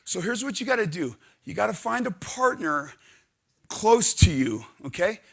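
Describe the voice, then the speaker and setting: A man leading a live audience through stretching and partner exercises, coaching energetically and counting out loud. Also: high voice, very animated, moderate pace, gravelly, slightly rough. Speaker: exercise instructor. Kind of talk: live workshop exercise instruction. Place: conference room with audience.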